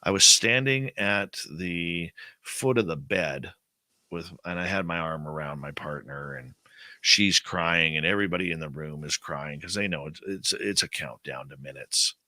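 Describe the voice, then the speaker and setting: As a guest in an interview, a man animatedly tells a personal story and acts out what was said. His voice is low-pitched and moderately paced, with no echo.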